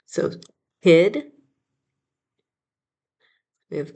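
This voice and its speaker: Woman, phonics teacher, slow patient delivery, lowish voice, sounds words out. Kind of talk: phonics spelling lesson.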